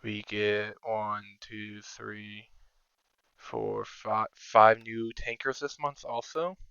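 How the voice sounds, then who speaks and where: A man's voice: fairly low pitch, level tone, slow, vocal fry, bright, forceful tone, clean tone, no room sound, lo-fi sound. A man giving casual, think-aloud commentary over his own strategy game, sometimes counting under his breath. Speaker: strategy game video creator.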